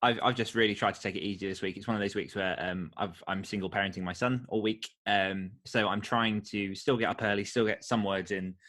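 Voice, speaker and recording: A man's voice: lowish voice, fairly even intonation, a little fast, few pauses, a bit bright. A man hosting a podcast in casual chat, easygoing and bantering. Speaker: podcast host.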